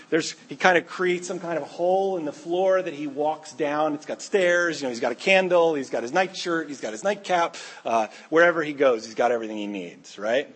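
A male pastor preaching a sermon, an animated storyteller who acts out the voices of the characters. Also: a little high, husky.

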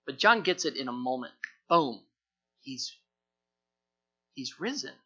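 A man preaching an expository sermon, earnest and repetitive, moving from hushed tones to fervent emphasis. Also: mid-range voice, expressive, a little slow, slightly rough, lo-fi sound. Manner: earnest, repeats words, swings from hushed to fervent. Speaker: pastor.

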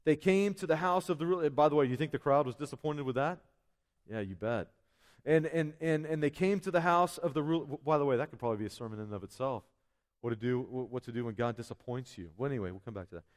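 A man's voice: medium pitch, quick pace. A male pastor preaching a sermon in a conversational way, full of asides and restarts. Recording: long hall reverb.

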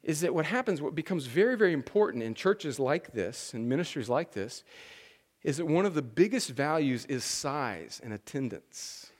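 A man's voice: a little high, big pitch swings, moderate pace. A man preaching a sermon as pastor, talking in a conversational, emphatic way that often restarts its sentences.

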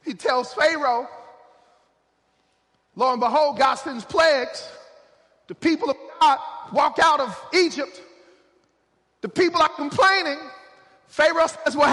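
A man preaching a sermon, building to shouted emphasis with repeated refrains. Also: very high voice. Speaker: pastor. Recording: long hall reverb.

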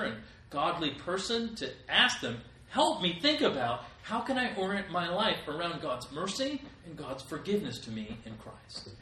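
A man's voice: high-pitched, bright, forceful tone, a little hiss or hum. A middle-aged man preaching a sermon as pastor, with emphatic rises in volume. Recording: echoey room, voice from a distance.

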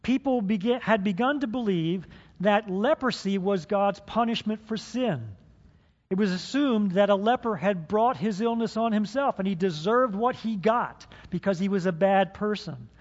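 A man's voice: high-pitched, normal speed. A man preaching a sermon to his congregation, playful and dramatic as he stages a role-play with them in a church hall. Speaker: pastor. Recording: dull sound with long hall reverb.

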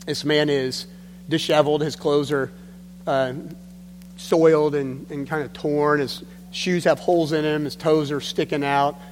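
Preaching as a pastor, this man speaks at a measured pace in a slightly high, flat voice, yet his storytelling is earnest with emphatic drops. A long hall echo and a faint hum sit under the audio.

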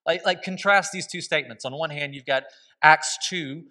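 A man's voice: on the high side, moderate pace, bright, forceful tone. A man preaching a sermon as pastor, telling stories with a conversational, humorous manner.

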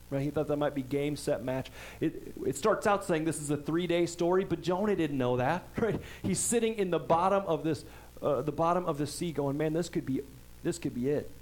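A man's voice: fairly high pitch, rough recording. A man preaching a sermon in a conversational way, often checking in with "right?" and reading scripture aloud with emphasis. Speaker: pastor.

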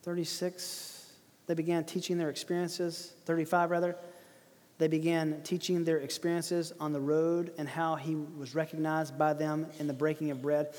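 A man preaching a verse-by-verse sermon, animated and emphatic, laughing often. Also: a little high, normal speed, long reverb tail. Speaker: pastor. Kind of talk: expository sermon.

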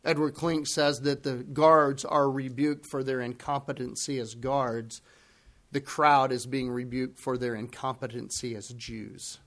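Slow, earnest male preacher. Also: medium pitch, steady tone. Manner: earnest preacher who acts out quoted voices, swings from hushed to loud. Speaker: pastor. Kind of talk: expository sermon.

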